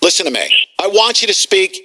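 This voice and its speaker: A man hosting a talk radio show, ranting agitatedly, shouting and swearing at callers and officials. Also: high-pitched, sing-song, a little fast. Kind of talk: heated talk radio rant.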